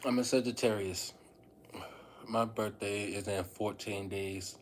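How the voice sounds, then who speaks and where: Rambling low-voiced man livestreaming. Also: steady tone, a little slow, a little hiss or hum. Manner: rambling, repeats phrases, addresses viewers as y'all. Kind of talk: casual livestream talk to viewers.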